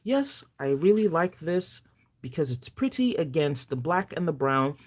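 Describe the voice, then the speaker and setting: A woman with a Nigerian accent chatting casually on a live stream, excitable, gasping and teasing her viewers playfully. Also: low voice. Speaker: planner vlogger.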